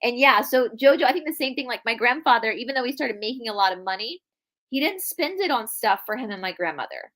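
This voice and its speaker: A woman's voice: a little high, animated, fast talker, a bit bright. A young woman co-hosting a live video call, telling a personal family story in an earnest, chatty way, with frequent restarts. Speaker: podcast co-host. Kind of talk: casual live-stream chat.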